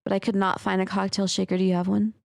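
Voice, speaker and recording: A woman's voice: mid-range voice, level tone, fast talker, vocal fry, darkish tone, no room sound, studio quality. A woman, co-hosting a podcast and telling a casual story with frequent laughter. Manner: chatty storyteller, laughs often, some swearing. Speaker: podcast co-host. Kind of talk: casual chat. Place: West Texas.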